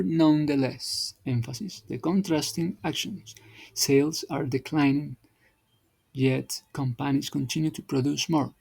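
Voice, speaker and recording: Slow, gravelly-voiced male English teacher. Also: medium pitch, dark tone, dry recording, poor audio. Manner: halting, repeats and restarts words while explaining. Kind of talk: explaining grammar exercises.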